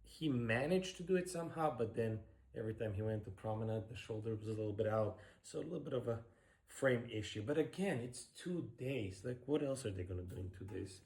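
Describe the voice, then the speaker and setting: A man's voice: mid-range voice, lively intonation, fairly quick, a little mellow. A middle-aged man, a professional ballroom dancer, giving blunt, sarcastic casual commentary while reacting to a dance show.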